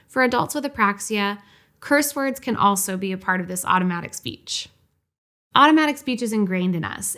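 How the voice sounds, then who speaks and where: A woman giving a scripted, clear and measured narration for an educational video. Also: medium pitch, fairly bright tone. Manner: clear, measured, instructive delivery.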